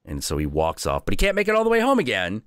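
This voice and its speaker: A man hosting a stream, telling a folk tale in a casual, crude, animated way. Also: on the low side, fast talker, dry recording, clean studio sound. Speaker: streamer host.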